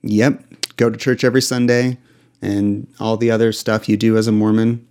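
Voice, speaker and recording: A man's voice: on the low side, level tone, moderate pace, a little mellow, smooth. A young man from Utah, a filmmaker guest in a casual interview, easygoing and often chuckling between thoughts. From Utah, United States.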